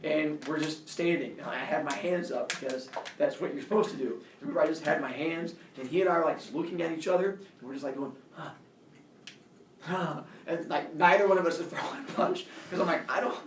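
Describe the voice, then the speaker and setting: A man telling a childhood fight story in an animated way, laughing and acting out the voices. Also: fairly high pitch, fast, a little hiss or hum. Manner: animated, laughing, acts out quotes. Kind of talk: personal storytelling talk. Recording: roomy, distant camera audio.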